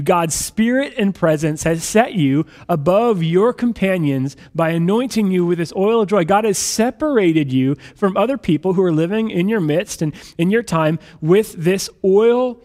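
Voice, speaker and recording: A man preaching a sermon in a conversational, animated storytelling manner. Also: sits high. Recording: hall reverb.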